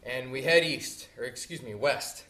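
A man in his fifties from Montana tells a personal story on stage, animated and swinging from bursts of energy to hushed low asides. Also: moderate pace.

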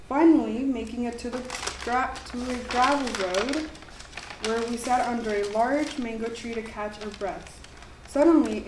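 A woman reading her own ghost story aloud in an earnest, slightly halting way. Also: fairly high pitch, darkish tone. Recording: echoey room, mic far off, faint background noise.

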